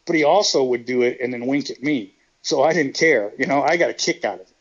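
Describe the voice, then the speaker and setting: A man's voice: medium pitch, fast talker, husky, muffled recording. A man rambling through profane stories in a casual interview, laughing as he goes. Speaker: guest, retired pro wrestler.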